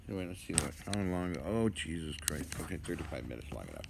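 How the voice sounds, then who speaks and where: A man's voice: low-pitched, very animated, moderate pace, creaky. An older man talking to camera in a rambling, blunt, sometimes profane monologue. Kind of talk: rambling casual vlog monologue. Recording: noisy background hiss.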